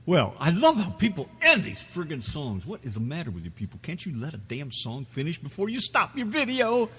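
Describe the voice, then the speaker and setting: A man's voice: fairly high pitch, wildly swooping pitch, a little fast, a bit bright, in a large hall. A man hosting an internet radio show in loose, rambling, profane banter.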